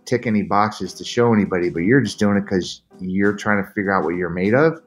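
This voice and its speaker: A middle-aged man, a podcast guest and endurance athlete, telling his story in an earnest, animated way and acting out quoted lines. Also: on the low side, a little fast, soft background music. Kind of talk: candid storytelling interview.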